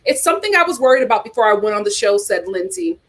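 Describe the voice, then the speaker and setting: A woman's voice: medium pitch, sing-song, fast talker, fairly bright tone. A woman hosting a casual commentary show, reading articles and viewer comments aloud and reacting in an outspoken, exclaiming way. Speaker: host.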